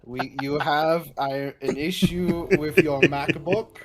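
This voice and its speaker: A fake phone scammer, as a man puts him on speaks slowly and with exaggerated emphasis. The put-on voice is broad and deliberate, meant to be played for laughs. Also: a little high, a loud crowd. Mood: mocking.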